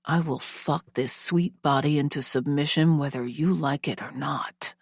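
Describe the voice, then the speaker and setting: A woman voicing a cold, dangerous, dominating man in a romance audiobook, in a slow, low, menacing murmur. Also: steady tone, breathy edge, no echo, studio quality, exaggerated voice.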